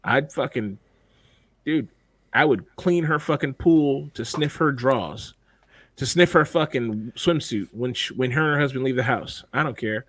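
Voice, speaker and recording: A man's voice: medium pitch, normal speed, a bit bright. A man co-hosting a podcast in casual chat, blunt and profane, rambling with lots of fillers. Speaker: podcast co-host.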